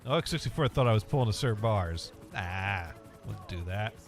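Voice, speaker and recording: A man's voice: lowish voice, animated, normal speed, soft background music. A man hosting a casual gaming stream from home, rambling, making dry jokes and reading chat aloud. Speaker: streamer host. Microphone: webcam and desk mic.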